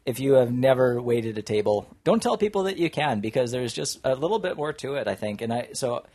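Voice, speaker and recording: A man's voice: mid-range voice, expressive, a little fast, a little mellow, dry recording. A young man co-hosting a casual podcast chat, telling a self-mocking story with lots of fillers and restarts. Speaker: podcast co-host.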